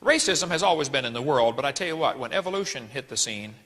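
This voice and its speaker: A man's voice: mid-range voice, expressive, fast talker, a bit bright. A man giving an emphatic, preacherly lecture full of rhetorical questions, recorded in an echoey hall. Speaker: speaker.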